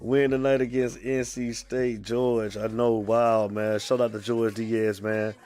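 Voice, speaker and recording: A man hosting a live fan show, feeling under the weather and calling out viewers' names in a casual, animated chat. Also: mid-range voice. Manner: drawn-out greetings, animated, calls out commenters by name. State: a little sick, under the weather.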